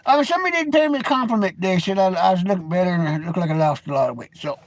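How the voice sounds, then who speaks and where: Rambling, lively-voiced man in his forties. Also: high voice, rapid-fire, dry recording. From United States. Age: 40s. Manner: rambling, jokey and blunt. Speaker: vlogger. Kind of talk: casual rambling monologue. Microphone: webcam or phone camera, seated.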